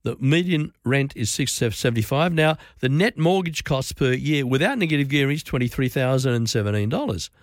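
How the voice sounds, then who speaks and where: A man's voice: mid-range voice, expressive, brisk, hardly any pauses, dry recording, studio quality. A man with an Australian accent hosting talk radio, giving opinionated commentary in a conversational way and reeling off figures with asides. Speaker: radio host.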